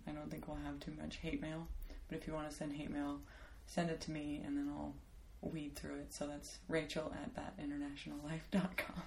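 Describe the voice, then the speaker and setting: A woman's voice: sits low, monotone, a little fast, vocal fry, hardly any pauses, roomy sound, slight background noise. A woman hosting a podcast interview, chatty and playful, laughing often and teasing her guest. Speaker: podcast host. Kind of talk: casual interview chat.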